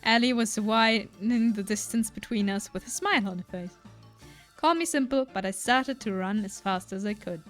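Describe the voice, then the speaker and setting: A woman's voice: mid-range voice, moderate pace, soft background music. A young woman streamer reading a dating game aloud, with playful, joking asides.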